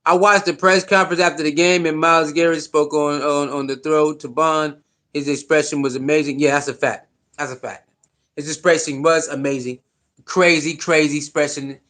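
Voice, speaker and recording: High-voiced man hyping a livestream. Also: normal speed. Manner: animated, repetitive, slangy, greets chat viewers. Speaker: sports livestream host. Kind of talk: casual livestream sports talk.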